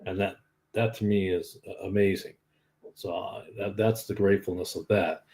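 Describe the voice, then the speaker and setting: Speaking at normal speed in a low, darkish voice with vocal fry and little pitch movement, a lay preacher in his fifties from the Northern US delivers an informal sermon. His manner is earnest and conversational.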